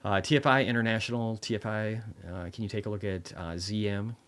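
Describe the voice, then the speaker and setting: This market-review livestream host has a voice on the low side, steady and fairly bright, moving a little fast. His casual commentary is blunt and sarcastic, laced with swearing and rambling asides and restarts.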